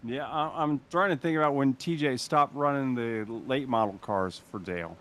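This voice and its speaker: A man's voice: medium pitch, normal speed. A man calling an online race in a casual, matter-of-fact way, reading out positions and laps. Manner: relaxed, calls positions and laps matter-of-factly. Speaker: race commentator. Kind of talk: casual play-by-play commentary.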